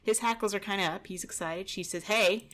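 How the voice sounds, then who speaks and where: A woman dog trainer giving relaxed, casual commentary over video footage, explaining with lots of "you know" and "kinda". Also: medium pitch, quick pace, a crowd in the background.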